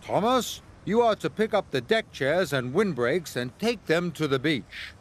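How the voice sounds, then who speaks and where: A man's voice: fairly high pitch, expressive, unhurried, slight background noise, pitched above the performer's own voice. A man doing a formal railway boss. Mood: commanding. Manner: formal, commanding. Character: stout stately railway boss, middle-aged man.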